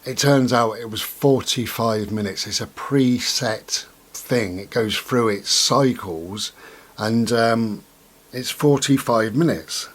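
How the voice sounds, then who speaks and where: A man's voice: mid-range voice, takes it slowly. A man telling a personal story in a casual, rambling way, with many ums and asides. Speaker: vlogger.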